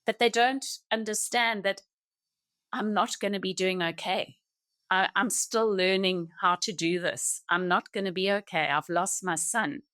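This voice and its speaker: Earnest middle-aged woman, low and dry. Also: a bit bright, no room sound. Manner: earnest, halting, with many restarts. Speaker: podcast guest. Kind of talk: reflective personal conversation.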